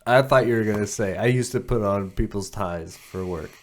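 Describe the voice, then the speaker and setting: A man's voice: lowish voice, moderate pace, a crowd in the background. A man co-hosting a casual podcast, rambling and restarting his sentences, with casual swearing. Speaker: podcast co-host. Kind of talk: casual chat.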